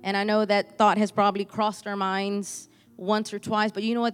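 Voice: mid-range voice, little pitch movement, normal speed, clear, resonant tone, big-room sound. Fervent preacher giving a church testimony. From Houston, Texas. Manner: fervent, repeats phrases for emphasis.

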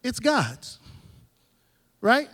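Man, pastor, high voice, preaching cadence, loud-to-soft swings, long church reverb. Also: huge pitch swings, drawn-out words. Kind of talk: sermon. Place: church sanctuary.

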